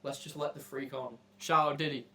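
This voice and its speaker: A man's voice: medium pitch, steady tone, a little fast, very noisy. A man hosting a casual chat with strangers, joking in a brash, mock-serious way and swearing freely. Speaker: host asking strangers on a video chat app.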